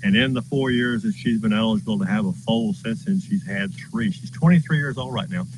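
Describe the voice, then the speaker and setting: A man's voice: on the low side, expressive, brisk, noisy background. A man who runs a horse farm, telling a story in an earnest, folksy way while outdoors. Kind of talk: casual storytelling.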